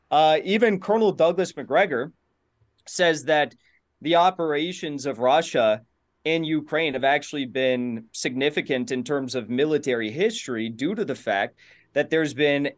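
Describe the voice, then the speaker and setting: A man at a middling pitch argues his side in a heated online debate, dismissive and combative. He talks over interruptions and sounds like he is on a video call.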